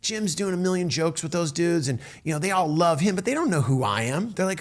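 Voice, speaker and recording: A middle-aged man telling a story in a casual, animated way, with many restarts and acted-out quotes. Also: fairly high pitch, fairly quick, few pauses. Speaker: storyteller recounting a tour.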